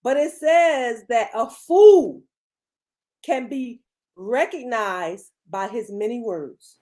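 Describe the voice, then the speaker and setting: High-voiced woman preaching with emphasis. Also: animated, slow, warm tone. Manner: preachy and emphatic, repeats phrases for effect. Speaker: podcast co-host. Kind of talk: motivational talk.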